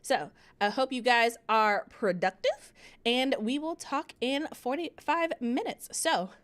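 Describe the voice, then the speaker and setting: A woman's voice: on the high side, slow. Chatty woman hosting a livestream. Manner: chatty, animated storytelling, reads chat aloud. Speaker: livestream host of writing sprints. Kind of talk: casual livestream chat.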